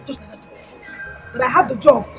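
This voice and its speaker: An actress playing a young woman excitedly telling how she got a job, with a Nigerian accent. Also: high-pitched, brisk, loud music behind the voice, lightly acted, poor audio. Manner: excited, storytelling with quoted voices.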